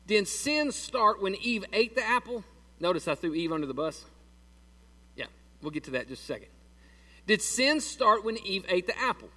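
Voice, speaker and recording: Folksy high-voiced preacher. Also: male voice, lively intonation, normal speed, bright, forceful tone, distant mic. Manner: folksy, conversational, asks the congregation questions. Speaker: pastor. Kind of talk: sermon.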